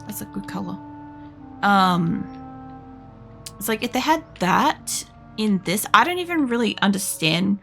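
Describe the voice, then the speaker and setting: A young woman with an Australian accent talks loosely over her gameplay, with a slightly gravelly, creaky edge to her voice. She rambles and drifts between thoughts, piling on filler words. Soft music plays faintly underneath. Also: medium pitch, very animated, unhurried, pauses often. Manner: rambling, filler-heavy storytelling with swearing. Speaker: streamer. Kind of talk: casual gaming commentary.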